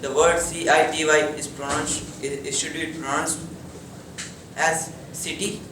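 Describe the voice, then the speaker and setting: A man's voice: a little high, level tone. A young man student, presenting in class and often correcting himself. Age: young adult. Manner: halting, self-correcting. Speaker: college student. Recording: echoey room, distant mic, noise.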